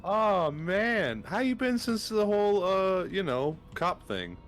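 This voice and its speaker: Excitable easygoing male player, animated, faint music. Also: high voice, slow pace. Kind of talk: casual tabletop game chat.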